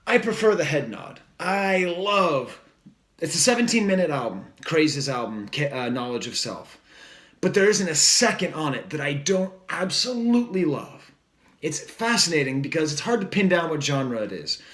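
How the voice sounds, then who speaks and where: A man talks through an album review in a loose, enthusiastic ramble, full of "like" and "you know," with jokey asides along the way. His voice sits a little high for a man. The room around him is roomy and echoey. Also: sing-song, moderate pace, a bit bright. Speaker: music reviewer. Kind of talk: casual record review monologue.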